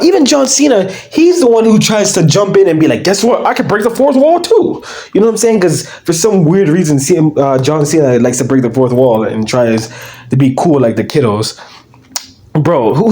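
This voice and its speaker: A young man ranting to camera with a lively, swooping voice that jumps up and down as he goes. His manner is brash and profane, and he drifts into mocking asides and filler words. The talk is casual and fired straight at the viewer. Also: very high-pitched. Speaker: wrestling commentary YouTuber.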